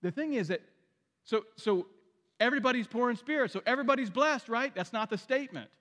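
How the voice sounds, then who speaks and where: A male pastor with a high, light voice delivers a sermon in a relaxed, conversational way. He restarts his sentences and asks the congregation direct questions. His voice rings with the long reverb of a large hall. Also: a little fast.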